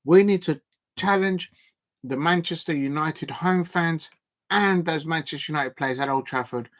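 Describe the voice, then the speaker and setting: A man hosting a live football watch-along, ranting in an animated, exasperated way and often restarting his sentences. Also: on the high side, normal speed. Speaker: football fan live-stream host. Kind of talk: casual watch-along commentary.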